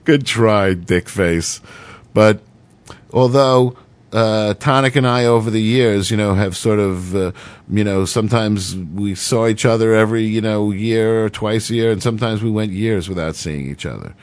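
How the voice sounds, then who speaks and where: Low-voiced man rambling through a profane story. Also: steady tone, moderate pace, a little mellow, no room sound. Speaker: podcast host telling a personal story. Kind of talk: casual monologue.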